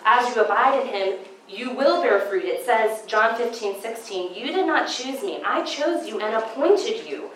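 A woman speaking at a Christian seminar in an echoey room, with a little noise in the background. She tells personal stories in an animated way and acts out what she once thought. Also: fairly high pitch, a little slow, few pauses. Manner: animated storytelling, acting out her own past thoughts. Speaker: conference speaker.

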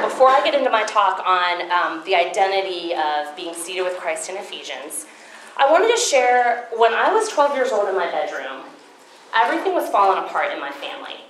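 A woman giving a personal testimony talk to an audience, heartfelt and sometimes tearful, pausing to greet people as they come in. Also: medium pitch, slight background noise. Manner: warm, tearful, greets latecomers. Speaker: speaker at a Christian gathering. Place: room with an audience. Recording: echoey room, faint ambience.

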